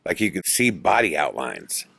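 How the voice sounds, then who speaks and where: A man hosting a podcast, telling a ghost story in an animated way that builds suspense. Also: sits low, moderate pace, gravelly, husky, dry recording. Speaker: podcast host.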